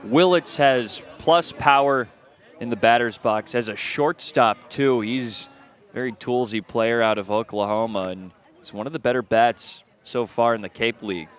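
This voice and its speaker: A man's voice: medium pitch, moderate pace, clear, resonant tone. Man, color commentator, radio baseball, analytical, explains plays. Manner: analytical, explains plays after they happen.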